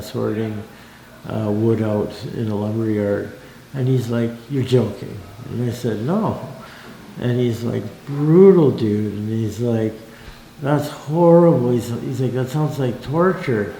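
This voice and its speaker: Halting man with a gravelly voice. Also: mid-range voice, mellow. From Canada. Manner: halting, many fillers and restarts, quotes others in a livelier voice. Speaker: interviewee telling his life story. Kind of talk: casual recounting of personal story. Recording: echoey room with faint noise.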